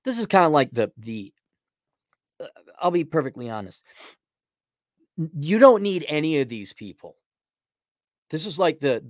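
A man's voice: a little high, no echo, studio quality. A middle-aged man hosting a livestream, giving rambling, sarcastic opinions in a casual way. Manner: rambling and sarcastic, mocks with put-on voices. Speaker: livestream host.

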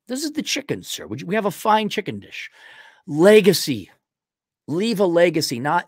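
Man, blunt and rambling, lively swooping pitch, slightly high voice, dry close sound. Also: vocal fry, no echo. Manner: blunt, rambling, mock dialogues with himself. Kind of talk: casual opinionated monologue.

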